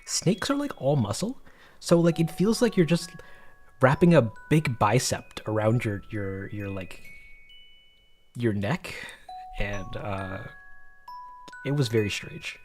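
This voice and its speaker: A man casually telling a rambling story while he works through a game development project, with many restarts and excited bursts. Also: mid-range voice, takes it slowly, long pauses, faint music behind. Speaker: game developer showing his work. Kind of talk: casual screen-recorded dev vlog with storytelling.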